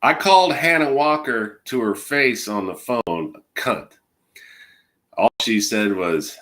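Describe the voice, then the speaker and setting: A man's voice: lowish voice, expressive, a little slow, sharp tone. A man in his forties with a cold, streaming an angry, profane, rambling rant to camera. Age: 40s. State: has a cold. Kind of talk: ranting monologue to camera.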